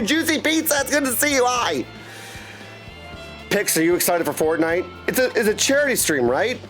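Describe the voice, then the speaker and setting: A man streaming a video game, chatting casually and excitably with his chat and rambling as he calls them "my dudes". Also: high voice.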